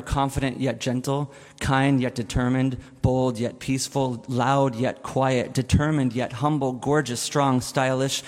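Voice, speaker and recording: A man in his forties giving a funeral eulogy, telling stories with laughs and asides. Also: medium pitch. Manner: warm storytelling with laughs and asides. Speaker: eulogy speaker. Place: chapel. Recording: long hall reverb in a chapel.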